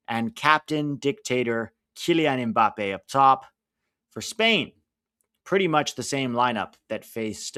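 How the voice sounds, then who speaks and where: In a studio-quality recording with no room sound, a man with an American accent and a medium-pitched, slightly bright voice hosts a casual live watch-along. He chats with viewers and reads out team lineups and chat messages.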